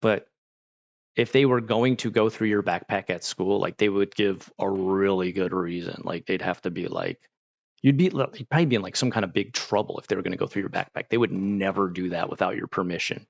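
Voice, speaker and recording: A man's voice: low-pitched, level tone, fairly quick, creaky, no echo, dull audio. A man telling rambling stories with many fillers as he chats casually with viewers. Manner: rambling, storytelling with lots of fillers. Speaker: streamer.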